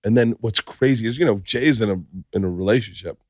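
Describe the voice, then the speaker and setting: A man's voice: fairly low pitch, brisk, no echo, clean studio sound. A middle-aged man hosting a podcast, telling profane, rambling stories and acting out quoted lines in casual chat. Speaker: podcast host.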